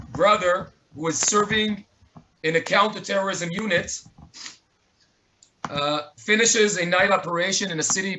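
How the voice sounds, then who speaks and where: At a remembrance webinar, a man with an Israeli accent tells earnest tribute stories and quotes the dialogue of the people in them. His voice sits high with a sharp tone, and his webinar microphone picks up a little hiss or hum.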